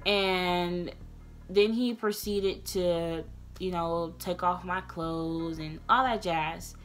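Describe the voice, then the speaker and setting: A young woman vlogger telling a personal story in a candid, rambling way, earnest and emotional, sometimes getting loud and passionate. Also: lowish voice, fairly even intonation, slow, faint music behind. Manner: loose, rambling, many restarts.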